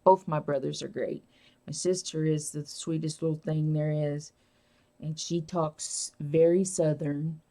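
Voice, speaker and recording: A woman's voice: sits low, steady tone, a little slow, mellow. A woman hosting a casual live stream, rambling and answering viewer comments as she talks.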